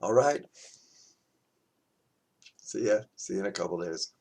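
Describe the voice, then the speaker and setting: A man teaching a qigong class, talking in a reflective, halting way with many fillers and restarts. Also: low voice, animated, vocal fry. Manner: gentle, chuckles at his own quotes.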